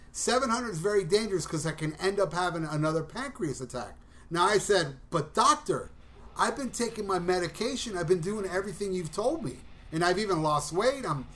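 A man casually telling a long story on a talk show, animated and profane, acting out voices and shouting at the punchlines. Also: high-pitched. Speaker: podcast co-host.

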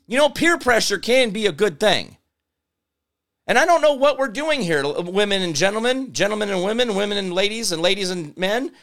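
Brief: male show host, high, bright voice, sarcastic ranting commentary. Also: sing-song, fairly quick.

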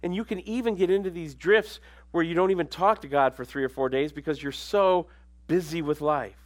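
A man preaching a sermon in a conversational way, dropping to quiet asides and then rising into emphatic lines. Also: a little high, fairly quick.

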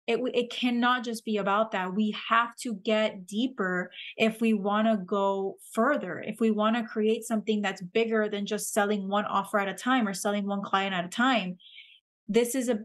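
A woman hosting a podcast, slowly and gently guiding listeners through a breathing and humming exercise. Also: mid-range voice, fairly even intonation. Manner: gentle, slow guiding instructions with soft laughs. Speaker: podcast host leading a somatic exercise.

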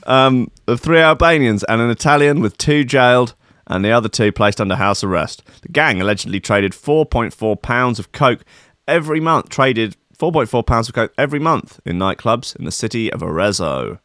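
A man rants through the news in a sarcastic, profane comic style. His pitch swings widely, from mutters to sudden high outbursts. The sound is dry and close to the mic. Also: expressive, moderate pace, fairly bright tone, dry recording. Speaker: podcast host. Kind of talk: sweary comic news rant.

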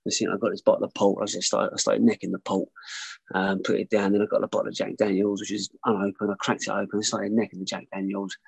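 A man's voice: on the low side, completely flat delivery, quick pace, gravelly, breathy edge, dry recording, low-quality recording. A man telling a candid personal story as an interview guest, rambling, repeating himself and swearing freely.

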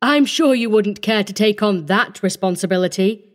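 Brief: woman reader doing a bossy, fussy middle-aged matron, brisk, audiobook. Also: mid-range voice, lightly acted. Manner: brisk and commanding, slightly fussy. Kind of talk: audiobook character voice.

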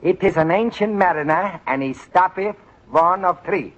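An actor playing a courteous, earnest adult student in a 1940s radio sitcom. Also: male voice, high-pitched, normal speed, a bit bright. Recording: muffled old radio broadcast.

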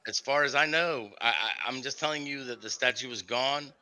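A man's voice: mid-range voice, brisk, pushed and bright, rough recording. A man playing a tabletop role-playing game, stammering through hesitant explanations. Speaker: player.

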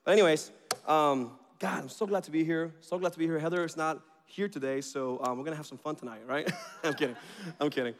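A man giving a casual, energetic sermon in a church, chatty and full of fillers. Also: on the high side, fast talker, slight background noise. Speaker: preacher. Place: church auditorium. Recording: long reverb of a large hall.

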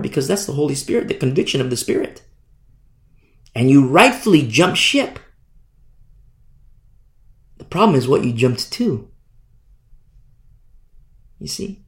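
A pastor preaches an impassioned sermon, sometimes mimicking the voices of the people he quotes. His fairly high voice is very animated yet unhurried, with frequent pauses.

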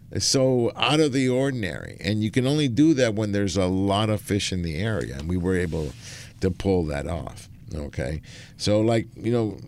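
Low-voiced enthusiastic fishing show host. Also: male voice. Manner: enthusiastic storytelling with fillers. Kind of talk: casual chat.

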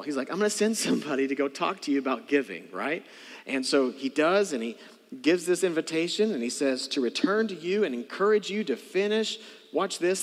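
A man delivers a sermon from the pulpit. His voice sits high and swings widely, and he keeps calling for answers from the congregation. A long reverb from the church hall trails behind his words. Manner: animated, acts out voices, calls for audience response. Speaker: pastor. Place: church sanctuary.

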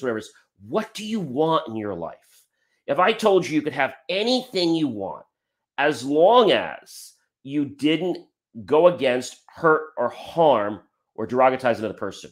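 A man speaking as a motivational speaker on a livestream, urging viewers directly and plainly. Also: medium pitch.

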